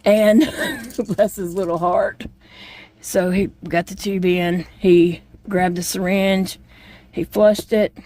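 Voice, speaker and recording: A woman's voice: mid-range voice, slow pace, darkish tone. A middle-aged woman chats casually to her vlog camera. She tells her story in a plainspoken, rambling way, with plenty of fillers and restarts. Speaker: chronic illness vlogger.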